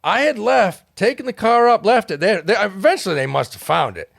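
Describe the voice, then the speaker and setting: A man's voice: sits high, lively intonation, a little fast, gravelly, fairly bright tone, no room sound, clean studio sound. A comedian telling a long story in casual podcast chat, rambling and laughing as he goes.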